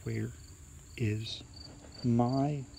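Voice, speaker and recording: A man doing a slow groaning toe-hunting creature. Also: medium pitch, steady tone, vocal fry, warm tone, a little hiss or hum.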